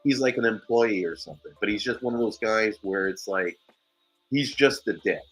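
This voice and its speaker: Bright-voiced man telling a profane story. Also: lowish voice, moderate pace, soft background music, rough recording. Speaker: podcast host. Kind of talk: casual chat.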